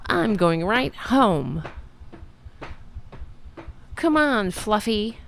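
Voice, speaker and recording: A woman hosting a casual livestream, her low, gravelly voice swinging widely in pitch. She unhurriedly tells stories with a sarcastic edge and drops casual profanity. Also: extremely slow, slight background noise. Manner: animated, sarcastic storytelling with profanity. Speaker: show host.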